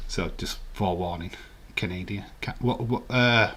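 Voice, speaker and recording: Man, low and husky, casual rambling streamer who chats with his viewers. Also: a little slow, sharp tone. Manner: chatty, rambling, reads out viewer comments and laughs often. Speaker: livestream host. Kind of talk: casual live watch-along chat.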